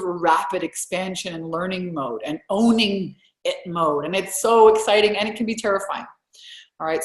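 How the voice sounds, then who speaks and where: A woman business coach hosting a live group call. She sounds upbeat and effusive, and her pitch leaps when she gets excited. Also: roomy sound.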